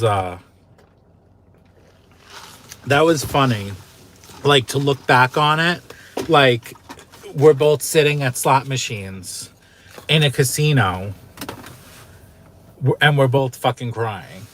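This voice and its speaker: A man's voice: mid-range voice, takes it slowly, pauses often, a bit bright, slight background noise. A man hosting his own channel, telling a personal story in a casual, candid way, emotional and swearing freely. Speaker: YouTube channel host.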